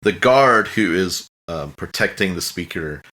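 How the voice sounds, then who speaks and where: A man's voice: sits low, expressive, measured pace, sharp tone. A man narrating a tabletop game as game master in a casual, rambling way, slipping into brief character voices.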